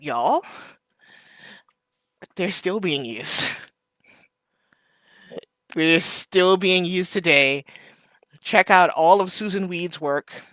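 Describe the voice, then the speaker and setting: Bright, crisp man chatting on a livestream. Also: fairly high pitch, dry recording. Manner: warm, chatty, emotional, fighting back tears; loose and rambling with many fillers. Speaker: livestream host. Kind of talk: casual live chat, reading viewer comments.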